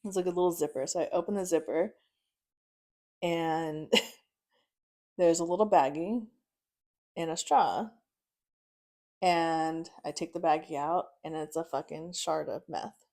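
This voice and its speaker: Young woman, lowish voice, blunt and profane, acts out every quote, laughs through it. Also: unhurried, pauses often, darkish tone. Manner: swears freely, acts out quotes, laughs often. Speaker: podcast guest. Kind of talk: casual storytelling.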